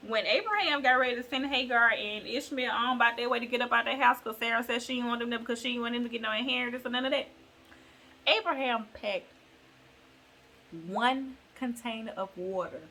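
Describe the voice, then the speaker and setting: Woman vlogger chatting through a bible story, slangy and rambling, bright voice. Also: on the high side, a little fast, slight background noise. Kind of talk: casual bible retelling.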